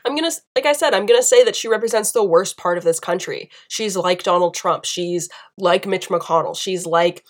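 A woman's voice: fairly low pitch, fairly quick, few pauses. Impassioned American woman political commentator. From United States. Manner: impassioned, emphatic, piles up repeated phrases. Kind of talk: opinion vlog monologue.

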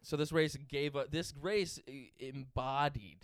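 A man's voice: a little high, unhurried, clear, resonant tone, no room sound, clean studio sound. A man co-hosting a casual podcast, laughing often and swearing in playful banter. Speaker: podcast co-host. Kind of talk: casual chat.

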